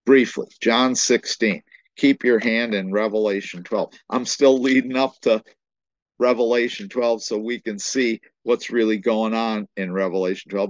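A man's voice: fairly low pitch, no echo. A man preaching a sermon, emphatic and repetitive, quoting scripture and often restarting his phrases.

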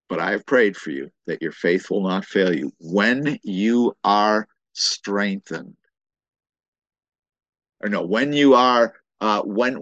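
A man's voice: lowish voice, fairly bright tone, dry recording. A man preaching a sermon, emphatic and repetitive, quoting scripture and often restarting his phrases.

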